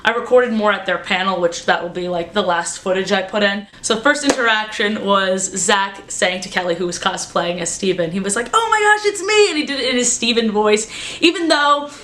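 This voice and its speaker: A young woman vlogger chatting casually and excitedly, with lots of "like" as she recounts her day. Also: medium pitch, moderate pace. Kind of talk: casual vlog recap. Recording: roomy echo.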